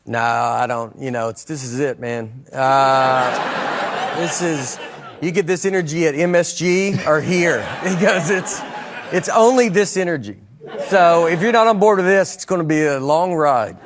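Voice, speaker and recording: A man with a Southern US accent chatting as a talk show guest, halting and self-deprecating with many restarts. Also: a little high, a crowd in the background. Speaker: comedian guest. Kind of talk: casual talk show chat.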